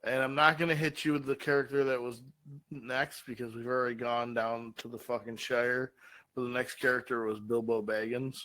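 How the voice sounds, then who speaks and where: A man's voice: medium pitch, normal speed, poor audio. A man co-hosting a comedy show, telling a made-up bar-fight story with lots of swearing. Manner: profane, energetic storyteller. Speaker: podcast co-host.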